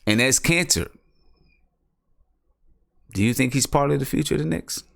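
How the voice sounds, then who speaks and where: A man's voice: medium pitch, normal speed, vocal fry, fairly bright tone. A man hosting a casual live-stream basketball show, thinking aloud and repeating himself as he talks. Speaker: basketball podcast host.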